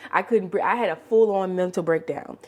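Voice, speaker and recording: A woman's voice: on the low side, brisk, darkish tone, lo-fi sound, a little hiss or hum. Candid woman in her late twenties telling a story. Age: 20s. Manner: emotional, candid, many "like" fillers. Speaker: vlogger. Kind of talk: storytime while cleaning.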